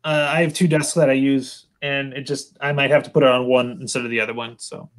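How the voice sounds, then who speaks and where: A man's voice: mid-range voice, little pitch movement, fairly quick. A man in casual chat, hesitant and given to repeating himself. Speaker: teacher, co-host.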